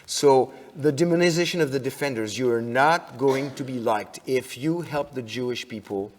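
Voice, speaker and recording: A man giving a conference talk in a church, telling stories with lively restarts and questions to the audience. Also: mid-range voice, normal speed, a little hiss or hum. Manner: animated storyteller, frequent restarts, asks audience questions. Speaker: conference speaker. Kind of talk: sermon-style conference talk. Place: church sanctuary. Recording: long hall reverb.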